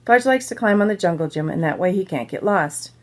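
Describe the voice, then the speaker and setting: A woman's voice: lowish voice, animated, a little fast. A woman reading a children's novel aloud, telling it in plain first-person storytelling. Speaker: reader.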